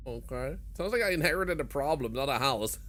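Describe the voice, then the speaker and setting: A man's voice: a little high, brisk, slight background noise. A man streaming a horror game, reading notes aloud and joking as he plays. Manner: lively, reads notes aloud, jokes. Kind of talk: gameplay commentary.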